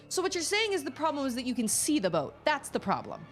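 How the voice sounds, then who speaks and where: A woman's voice: sits high, fast, hardly any pauses, soft background music. A woman streaming a video game, chatting casually and expressively with her viewers and reading their messages aloud. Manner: animated and expressive, reads chat aloud. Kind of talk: casual gameplay chat.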